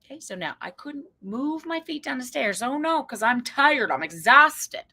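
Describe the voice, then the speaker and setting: Animated woman speaker, lively and forceful. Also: high voice, moderate pace. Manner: animated storytelling, acts out quoted voices, humorous asides; conversational, checks in with the audience. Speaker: psychologist and keynote speaker. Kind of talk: lively keynote talk to parents and educators.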